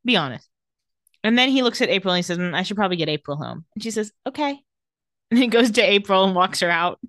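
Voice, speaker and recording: A woman's voice: mid-range voice, fairly bright tone, dry recording, clean studio sound. A woman co-hosting a casual podcast, recapping a TV episode in an offhand, joking way. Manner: recaps scenes in a quick, offhand voice with laughs. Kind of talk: casual chat.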